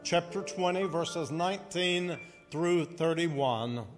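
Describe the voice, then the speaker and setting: A man preaches in a slow, deliberate cadence, pausing to ask the congregation to repeat lines back to him. His voice sits a little high for a man. The sound carries a long hall reverb with faint music underneath. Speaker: pastor. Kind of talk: sermon with scripture reading.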